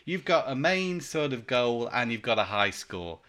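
A man's voice: mid-range voice, sing-song, normal speed, fairly bright tone. A man, co-hosting a casual chat about video games, talking in a rambling, hesitant way with many fillers. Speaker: podcast co-host.

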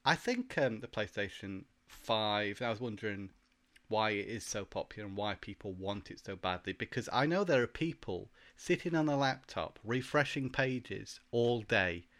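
Podcast co-host, male, low-pitched, hesitant and thoughtful. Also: expressive, normal speed, fairly bright tone. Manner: thoughtful, hesitant with many fillers. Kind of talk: casual chat.

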